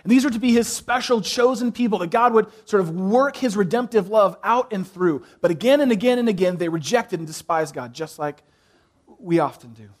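Male pastor with a higher voice, preaching with pauses and softened key lines, prompts congregation to answer. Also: expressive. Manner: preaching with dramatic pauses, dropping soft on key phrases; asks the congregation to fill in words. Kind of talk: sermon.

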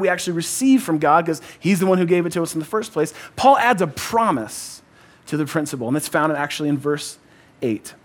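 A man's voice: sits high, fairly bright tone. A married man preaching a sermon, conversational but emphatic, repeating key phrases and calling on the congregation to answer back. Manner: conversational, uses "like" and "kinda". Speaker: pastor.

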